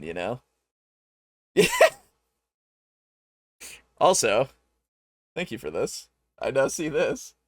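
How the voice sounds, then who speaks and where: Animated man arguing with a video. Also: mid-range voice, dry recording, clean studio sound. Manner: animated and argumentative, talks back at the video, laughs often. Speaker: streamer reacting to videos. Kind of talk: casual reaction commentary.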